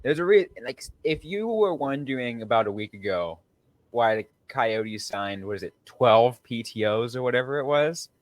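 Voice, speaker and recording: A man's voice: medium pitch, animated, moderate pace, no room sound. A man hosting a sports podcast in a loose, casual way, with lots of fillers and sentences that trail off. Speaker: podcast host.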